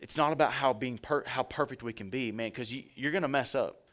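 A male pastor delivers a sermon at a middle pitch and a fairly quick pace. Relaxed and conversational, he cracks jokes and speaks straight to the congregation.

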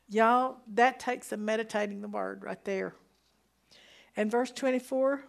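A woman's voice: on the high side, steady tone, creaky. Emphatic woman teaching scripture. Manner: slow, emphatic scripture reading with rising exclamations. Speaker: Bible teacher. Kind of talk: sermon-style Bible teaching.

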